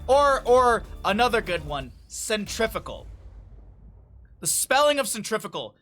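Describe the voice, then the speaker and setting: A man casting a live esports match, calling fast play-by-play and wandering into chatty asides he shares with his chat. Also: high voice, soft background music. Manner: excitable, rambling asides between fast play-by-play; chatty, talks directly to chat. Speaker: esports caster.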